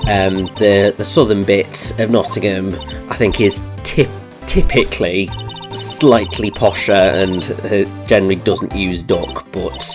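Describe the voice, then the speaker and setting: A man's voice: low voice, steady tone, measured pace. Chatty man from the English Midlands. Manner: chatty, explanatory, digressive. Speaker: co-host of a game playthrough. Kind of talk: casual chat. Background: game music.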